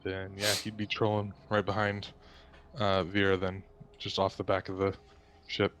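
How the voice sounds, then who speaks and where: A man's voice: sits low, completely flat delivery, moderate pace, fairly bright tone, a little hiss or hum. A man playing in a tabletop game, asking rules questions hesitantly. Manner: hesitant, many fillers. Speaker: player.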